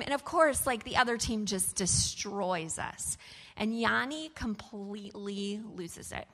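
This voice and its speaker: A woman's voice: a little high, a little slow. Chatty woman telling a story. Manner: animated, chatty, full of "like" fillers. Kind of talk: personal storytelling.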